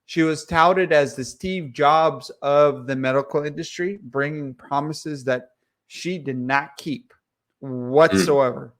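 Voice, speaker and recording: A man with a fairly high voice co-hosts a laid-back podcast. He jokes and swears freely, explaining things in a loose, chatty way. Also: a bit bright. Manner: joking, profane, quick to laugh. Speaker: podcast co-host. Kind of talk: casual podcast chat.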